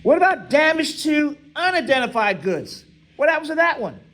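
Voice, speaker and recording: High-pitched male instructor, classroom lecture, reads and quizzes students. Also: big pitch swings, moderate pace, fairly bright tone, low-quality recording. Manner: quizzing, reads text aloud and asks students to fill in words; repeats "right?" often.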